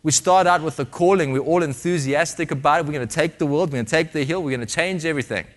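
Male preacher, slightly high voice, dramatic sermon delivery with loud and hushed swings. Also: quick pace. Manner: dramatic, shifting from loud emphasis to hushed tones.

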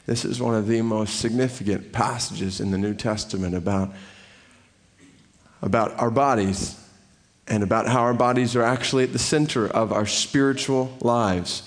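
A middle-aged man from the Atlanta area giving a sermon, telling a personal story in an animated way before he reads scripture. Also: fairly low pitch, moderate pace. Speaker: preacher.

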